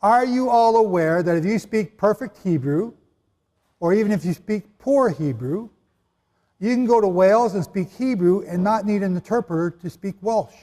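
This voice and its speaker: Speaking at a moderate pace, a Bible teacher with a high, dark-toned voice and lively intonation lectures a live hall audience. The echoey room adds long reverb as he preaches emphatically, posing rhetorical questions and joking on the side.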